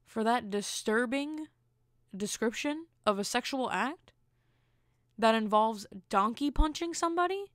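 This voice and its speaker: With a fairly high pitch and a measured pace, a young woman delivers a casual solo podcast monologue in studio quality with no room sound. She bluntly recounts a dating story, animatedly performing each quote.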